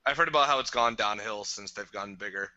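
A man's voice: on the low side, fast, pushed and bright, no echo. A man co-hosting a podcast in casual chat, rambling with lots of "like" and easy laughs. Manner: rambling, filler-heavy, laughs easily. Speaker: podcast co-host. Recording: dry lo-fi sound.

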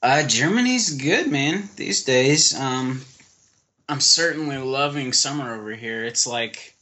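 A man's voice: medium pitch, lively intonation, a little slow, bright, forceful tone. A young American man co-hosting a casual podcast, chatting in a laid-back, rambling way with lots of fillers. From United States. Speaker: podcast co-host. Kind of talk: casual chat. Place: living in Germany.

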